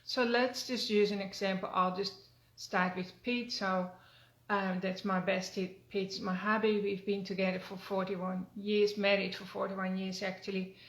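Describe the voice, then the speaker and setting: Older woman wellness coach, gravelly even voice, earnest and gentle, roomy echo. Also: medium pitch, unhurried. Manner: gentle, earnest, with frequent fillers and restarts. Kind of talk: spoken self-help talk.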